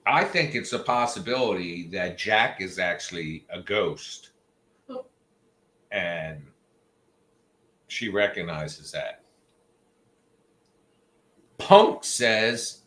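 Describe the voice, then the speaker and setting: A man's voice: sits low, expressive, very slow, pauses often, sharp tone. A man hosting a livestream, telling rambling, jokey stories in a casual chat with his viewers. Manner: chatty storyteller, jokey asides. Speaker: livestream host. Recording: roomy echo.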